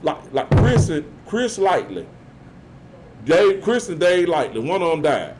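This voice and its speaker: Animated man telling stories. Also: a little high, a little slow, very noisy. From Birmingham, Alabama. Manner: animated, profane, acts out quotes. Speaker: guest. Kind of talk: casual storytelling chat.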